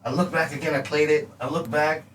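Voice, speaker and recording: Man, high bright voice, storyteller, faint background noise. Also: a little fast. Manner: animated, laughing storyteller, acts out scratches and vocal lines. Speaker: music producer guest. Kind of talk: casual storytelling chat. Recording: distant mic with faint ambient noise.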